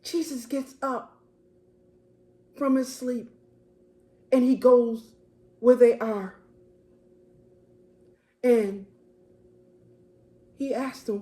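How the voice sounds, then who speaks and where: A woman's voice: fairly high pitch, steady tone, drawn-out words, pauses often, warm tone. A woman preacher giving a sermon, emphatic and restating her phrases.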